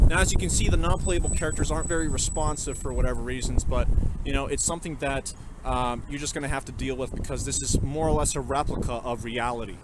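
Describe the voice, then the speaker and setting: Deadpan man narrating a fake game demo. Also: medium pitch, fast. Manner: rambling deadpan narration with many fillers. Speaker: streamer. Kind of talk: mock game-demo presentation. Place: outdoors on a city street. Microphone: phone recording. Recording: loud street noise outdoors.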